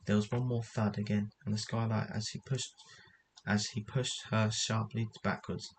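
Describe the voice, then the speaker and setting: Low, flat-voiced man reading a story. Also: normal speed, slight background noise, rough recording. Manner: reads with frequent stumbles and self-corrections. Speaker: narrator.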